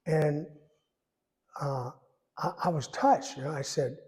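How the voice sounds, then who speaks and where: A man in his eighties giving a personal testimony in church, rambling and folksy, pausing when emotional. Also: a little high, darkish tone. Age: 80s. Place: church sanctuary. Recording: echoey church hall.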